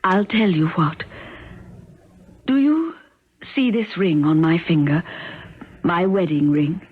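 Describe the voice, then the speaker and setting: A woman's voice: fairly low pitch, expressive, slow pace, husky, full character voice. An actress playing a frightened young British countess and mother in a 1970s radio drama, speaking with a British accent in a desperate, pleading way. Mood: earnest. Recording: tinny old radio broadcast.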